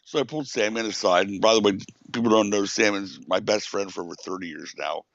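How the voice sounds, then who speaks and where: A man, a wrestling promoter and interview guest, telling lively, salty stories. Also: on the low side, fast talker, gravelly, no echo, dull audio. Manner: animated storyteller, swears.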